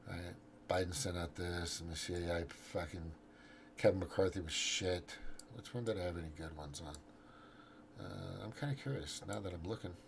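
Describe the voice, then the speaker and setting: Give me a deep-ish male host ranting casually with lots of cursing and restarts. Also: moderate pace, vocal fry, background noise. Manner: profane, rambling, scrolls and reads his own posts aloud; frequent restarts and trailing off. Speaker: show host. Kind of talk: casual political rant.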